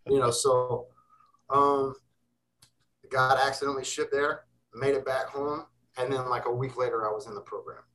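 Young man, interview guest, intense and cussing, bright tense tone, set back from the mic. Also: medium pitch, little pitch movement, moderate pace, far from the mic, slight background noise, poor audio. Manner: intense, emphatic, swears freely. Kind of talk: casual interview talk.

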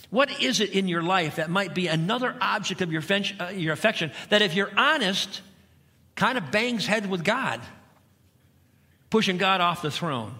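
Preaching man with a bright, ringing voice. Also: high-pitched, in a large hall. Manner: emphatic preaching with repeated phrases and rhetorical questions. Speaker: pastor. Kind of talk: sermon. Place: church sanctuary.

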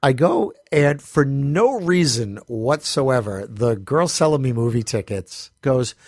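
A man's voice: mid-range voice, lively intonation, unhurried, no echo, clean studio sound. A man telling a funny story in a casual chat, acting out the voices of people in it and often laughing.

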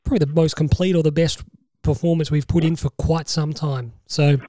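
An Australian man with a slightly high voice, hosting a podcast over a call. He talks in a lively, casual way, laughing often and cursing. The sound is dry and close. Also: brisk, no room sound. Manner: animated, swearing, laughs a lot. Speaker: podcast host. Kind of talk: casual chat. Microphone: video call.

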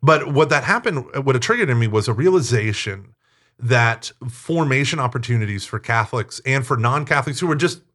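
A man being interviewed, telling stories in a talkative, animated way and acting out quoted speech. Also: mid-range voice, a little fast. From United States. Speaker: interview guest, Catholic teacher. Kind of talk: casual storytelling interview.

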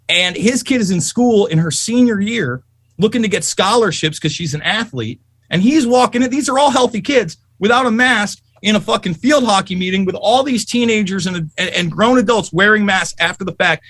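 Angry, high-voiced ranting man. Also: no echo. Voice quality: profane, fast and animated. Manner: angry, emphatic storytelling. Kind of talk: heated political rant.

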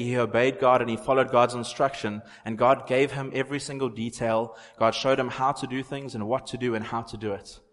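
A man preaching a sermon in an earnest way, repeating phrases for emphasis. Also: mid-range voice. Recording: long hall reverb.

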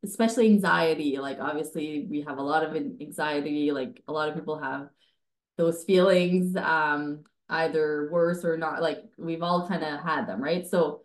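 A woman with a somewhat low voice hosts a casual podcast. She rambles through her questions, full of "like" and "um". Her voice carries a noticeable room echo. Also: steady tone, normal speed. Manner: chatty, lots of "like" and "um", rambling questions. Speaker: podcast host.

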